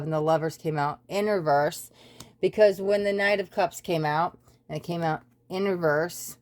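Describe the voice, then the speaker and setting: Lower-voiced woman giving a rambling tarot reading. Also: darkish tone. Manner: rambling, repetitive lists, frequent apologetic asides. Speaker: tarot reader. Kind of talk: casual spoken tarot reading.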